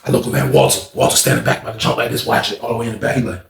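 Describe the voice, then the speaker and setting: A man telling a story casually, animated and profane, acting out scenes with sound effects. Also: fairly low pitch, very fast, echoey room.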